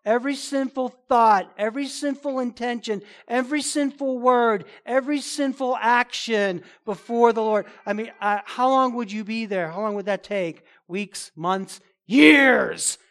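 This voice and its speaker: A pastor giving an expository sermon, emphatic and conversational, repeating phrases for stress. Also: male voice, extremely high pitch, a little slow, few pauses, fairly bright tone.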